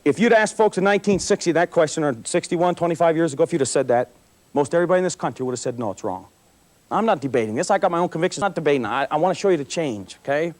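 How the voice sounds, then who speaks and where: A man's voice: on the high side, racing, darkish tone. A man giving a folksy, emphatic talk to students at a school assembly, repeating phrases for effect. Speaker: motivational speaker to students.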